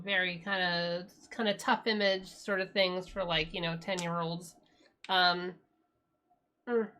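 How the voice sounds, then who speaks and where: A woman's voice: medium pitch, bright, forceful tone. A woman from Britain chatting casually on a live music stream, giggly and full of fillers.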